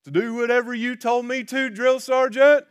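A man's voice: very high-pitched, fairly even intonation, normal speed, clear, resonant tone, voice pushed up. A man imitating a simple, earnest young soldier answering his drill sergeant in a plain, literal way.

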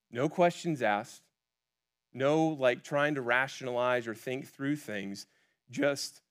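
Casual, rambling male preacher. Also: medium pitch. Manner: casual, with many fillers and restarts. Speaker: pastor. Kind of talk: conversational sermon.

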